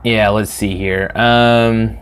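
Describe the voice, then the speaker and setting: A man's voice: lowish voice, little pitch movement, takes it slowly, smooth. A young man hosting his own finance podcast, talking casually on his own, rambling with many fillers and restarts, and swearing freely. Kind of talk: casual solo podcast talk.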